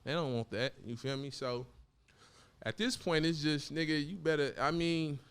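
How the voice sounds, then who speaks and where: A young man from Oakland, guest on a casual interview, talks in loose slang and slips into quoted voices as he tells stories. His voice sits a little high for a man. He speaks like he's chopping it up with a friend. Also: moderate pace, clear, resonant tone. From Oakland, California. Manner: loose, animated storytelling with slang and acted quotes. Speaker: rapper guest.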